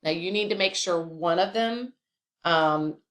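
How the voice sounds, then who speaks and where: A woman teacher talks through a grammar lesson step by step. Her voice sits a little low, and she keeps it chatty, with casual asides. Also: unhurried, a bit bright.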